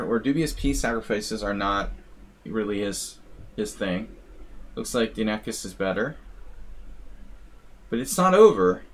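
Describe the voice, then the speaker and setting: A man streaming live, casually commentating chess games and chatting with viewers in a relaxed, musing way. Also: medium pitch. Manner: relaxed, musing, talks to chat.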